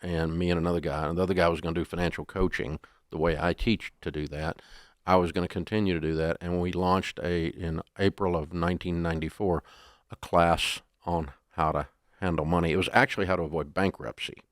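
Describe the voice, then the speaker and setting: An older man as an interview guest, telling stories in a folksy, animated way. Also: low voice, a little fast, no room sound, clean studio sound. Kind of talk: storytelling interview.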